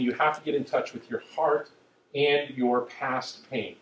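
A man's voice: medium pitch, a little fast, highs cut off, a little hiss or hum. A man preaching a sermon in a conversational way, often checking in with "okay?". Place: church sanctuary. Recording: echoey room.

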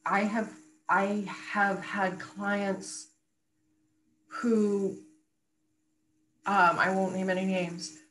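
A woman's voice: mid-range voice, little pitch movement, extremely slow, long pauses, fairly bright tone, slight background noise, poor audio. Articulate woman explaining voice work. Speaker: voice coach and radio guest. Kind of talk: conversational interview.

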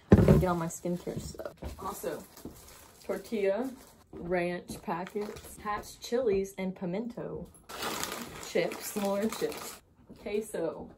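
A young woman vlogging in a chatty, rambling way with jokey asides. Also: mid-range voice. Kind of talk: casual vlog chat. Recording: noisy handheld home recording.

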